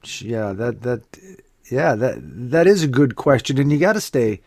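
A man co-hosting a casual talk, speaking haltingly with uhs and repeated words. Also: medium pitch, animated, a little mellow, no room sound, clean studio sound. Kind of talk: casual conversation.

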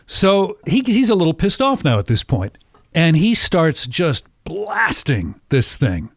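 A male podcast host telling a story casually, animated and often laughing. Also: fairly high pitch, measured pace, no echo, clean studio sound.

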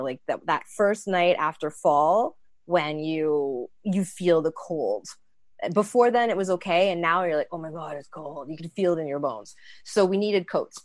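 A woman in her thirties telling a casual, animated story, acting out the lines of others. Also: sits low, no room sound. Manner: animated, acts out dialogue. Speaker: storyteller guest.

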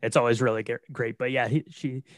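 A man co-host walks through a film's plot in a relaxed, easygoing manner, often murmuring agreement. His voice is mid-pitched and the recording is dry and close. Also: brisk, no room sound. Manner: relaxed, agreeable, frequent affirmations. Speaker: podcast co-host. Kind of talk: casual chat retelling a film.

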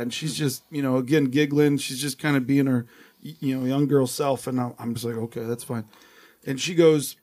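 A man's voice: mid-range voice, steady tone, brisk, a little mellow. A man co-hosting a casual comedy chat, building a long anecdote toward a punchline. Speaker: co-host.

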